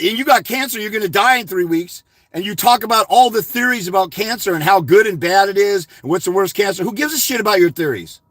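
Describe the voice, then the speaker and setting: Man, high bright voice, aggressive profane rant, dry close mic. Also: expressive, a little fast, few pauses, no room sound. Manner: aggressive, profane, shouting insults. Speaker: host. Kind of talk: livestream rant answering questions.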